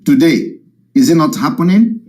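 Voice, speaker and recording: A man's voice: a little high, lively intonation, moderate pace, mellow. A man giving a heated, mocking live-stream monologue to his followers. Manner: combative, mocking, repetitive. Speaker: activist addressing followers. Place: live broadcast from home.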